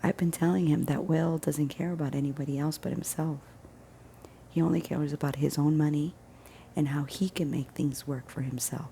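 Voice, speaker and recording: A woman with a low, gravelly, mellow voice tells a personal story straight to camera. She speaks earnestly and with emphasis, often sinking into a hushed near-whisper. A faint hum of noise sits behind her. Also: fairly even intonation, moderate pace. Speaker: vlogger. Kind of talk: casual vlog storytelling.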